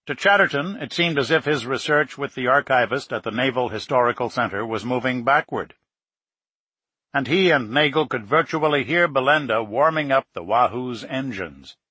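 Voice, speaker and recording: A man reading a nonfiction story aloud in steady, measured scripted narration. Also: medium pitch, breathy edge, dry recording. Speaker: audiobook narrator.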